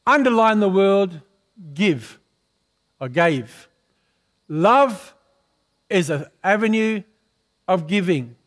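A man preaching a sermon in a high, light voice and a slow, deliberate delivery. He often stops to question the congregation and draw out an amen, and he clears his throat from time to time. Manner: calls for responses from the congregation, often asks questions. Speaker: pastor.

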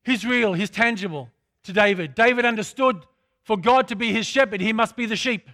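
A man's voice: high-pitched, brisk, pushed and bright, dry recording, clean studio sound. A man preaching a sermon, repeating phrases for emphasis and calling out to his congregation.

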